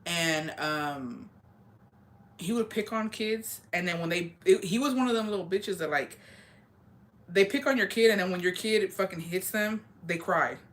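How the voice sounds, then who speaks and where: A young woman telling a story in casual chat, swearing constantly and talking in an animated way. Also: lowish voice, moderate pace. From rural area.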